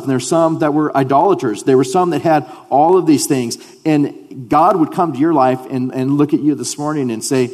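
A man of middle pitch preaches a sermon, restarting his phrases with repeated words and dropping from punchy emphasis to near-hushed lines. His voice carries a long reverb, as if it fills a big hall. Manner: stammering restarts, swings between loud emphasis and hushed delivery. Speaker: pastor.

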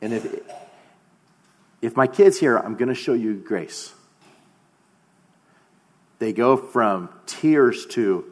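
A man in his thirties preaching a sermon as pastor, earnest, often slowing down and dropping to a quiet voice for emphasis. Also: mid-range voice. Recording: long hall reverb.

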